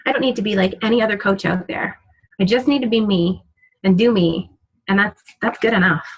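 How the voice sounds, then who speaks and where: Candid, husky-voiced woman coach. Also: medium pitch, fairly quick, poor audio. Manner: candid and emotional, with casual swearing. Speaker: fitness coach guest speaker. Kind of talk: motivational team call talk. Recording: call audio.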